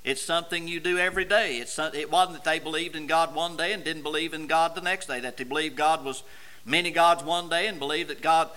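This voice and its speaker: A man preaching a sermon, moving between quiet verse explanation and loud, emphatic repetition. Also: on the high side, steady tone, fairly quick.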